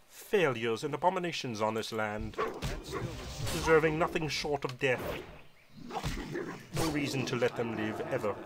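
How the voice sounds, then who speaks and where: A man's voice: mid-range voice, a bit bright, slight background noise, close to an everyday voice. A man voicing a pompous, zealous paladin who hates monsters, speaking in formal old-fashioned phrases as he plays a game. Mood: scornful. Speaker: game player role-playing his character. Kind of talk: in-character role-play over gameplay.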